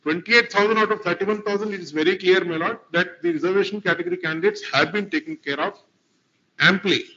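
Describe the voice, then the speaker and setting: Indian male advocate, high-pitched, courtroom argument, dull lo-fi recording. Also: fast talker, pushed and bright. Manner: formal, addresses the bench as my lord throughout. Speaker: advocate arguing before a court. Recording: lo-fi courtroom livestream audio.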